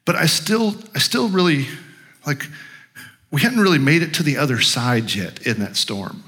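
A man's voice: on the high side, animated, moderate pace, fairly bright tone. A middle-aged man, a pastor, telling a personal story in a conversational, self-deprecating sermon with many restarts.

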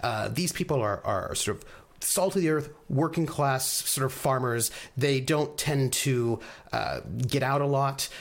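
A man narrating a tabletop role-playing scene as game master, in a halting, loose way with many pauses. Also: medium pitch. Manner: halting, many fillers and restarts.

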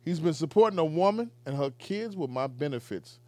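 High-voiced man in loose group banter. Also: animated, fairly quick, dark tone, dry recording. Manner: loose, laughing, stumbles over words. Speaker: podcast co-host reading listener stories.

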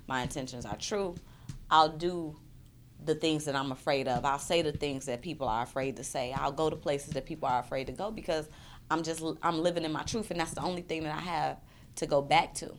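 A woman's voice: low-pitched, a little fast, slight background noise. A woman poet in her thirties, speaking earnestly and emotionally in an interview, often repeating words as she searches for them. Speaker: poet and performance artist. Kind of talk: candid interview conversation.

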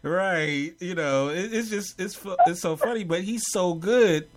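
A man co-hosting a casual chat about favorite movies and TV, animated and laughing, with many fillers. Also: sits high, unhurried. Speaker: podcast co-host.

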